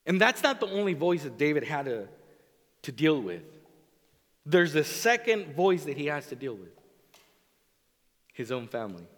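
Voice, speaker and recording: A man delivers a sermon with a high, very lively voice that swoops up and down. He speaks slowly and deliberately, acting out the voices he quotes. His words ring with the long reverb of a large hall. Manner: animated preaching, acts out quoted voices. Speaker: pastor.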